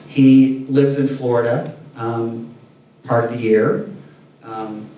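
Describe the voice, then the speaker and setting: A man from Indiana telling candid stories in a casual interview, acting out quotes as he goes. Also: medium pitch. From Indiana, USA. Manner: candid, animated storytelling with acted-out quotes. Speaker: interview guest. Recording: distant mic in echoey room.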